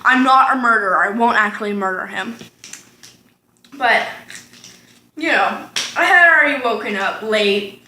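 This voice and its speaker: A woman's voice: on the high side, measured pace, pauses often, pushed and bright, a little hiss or hum. A teenage girl chatting casually to her camera in a home kitchen, rambling off on tangents with lots of ums and likes. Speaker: vlogger. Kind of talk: casual storytime chat. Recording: echoey room.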